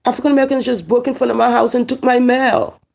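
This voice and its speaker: Gravelly Haitian woman ranting to camera. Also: fairly high pitch, steady tone, fast talker, darkish tone. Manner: emphatic, repeats lines and fires rhetorical questions. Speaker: online commentator. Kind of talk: heated monologue to camera.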